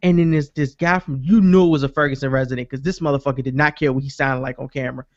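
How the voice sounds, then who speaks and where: A man's voice: medium pitch, fast, dry recording, lo-fi sound. A man on a casual podcast, telling a story with energy, swearing freely and acting out what people said. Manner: animated storytelling, acts out quotes, swears freely. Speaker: podcast host. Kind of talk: casual chat.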